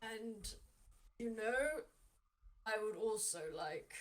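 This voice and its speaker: A woman's voice: a little high, lively intonation. Woman doing a smug, drawling bird-man. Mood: lazy drawl. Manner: drawling and teasing, slow with mock praise. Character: smug male bird-man with a beak, mocking and cackly.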